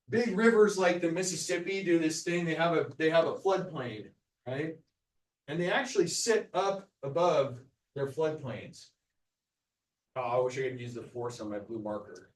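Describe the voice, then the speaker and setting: A man lecturing a class, loose and joking, tagging his points with "right?". His voice sits a little high for a man. He sounds set back from the mic, with the lecture hall's echo around him. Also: animated, normal speed, distant mic. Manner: casual, joking, tags sentences with "right?". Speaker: university lecturer. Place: lecture hall. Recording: echoey lecture hall, speaker off mic.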